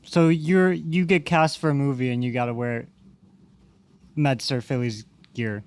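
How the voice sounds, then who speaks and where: A man's voice: mid-range voice, steady tone, a little slow, clear, resonant tone, no room sound. A man co-hosting a casual sports podcast, telling stories and teasing his friends in an easygoing way. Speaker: podcast co-host.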